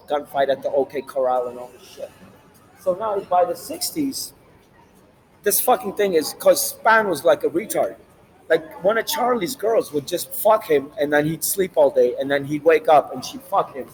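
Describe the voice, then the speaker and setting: A man delivering a rambling, profane, animated monologue as the host of his own channel. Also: fairly high pitch, slight background noise, low-quality recording. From Latin America.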